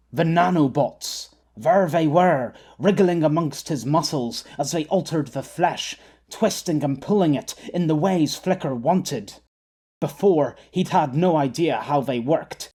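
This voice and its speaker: A man narrating an audiobook in a measured storytelling manner. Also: fairly high pitch, mellow, husky. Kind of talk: scripted narration.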